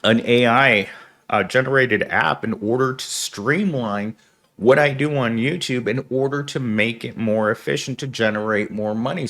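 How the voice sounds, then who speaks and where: A man's voice: mid-range voice, a bit bright. A man with a stuffy, nasal voice from being sick, talking as a YouTuber in a blunt, sardonic vlog. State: sick and congested. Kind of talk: casual vlog commentary.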